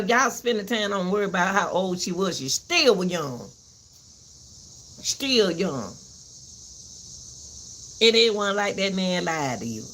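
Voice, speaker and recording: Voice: mid-range voice, a bit bright. A host giving a heated commentary rant, repeating herself and cursing as she vents. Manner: fiery, repeats herself, cusses.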